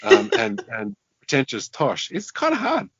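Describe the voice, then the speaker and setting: A man's voice: medium pitch, huge pitch swings, a little slow, a bit bright, husky, no room sound. Self-mocking man, dry lo-fi sound. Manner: self-deprecating, many restarts and repeats. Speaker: author guest. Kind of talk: casual interview chat. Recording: dull lo-fi podcast audio.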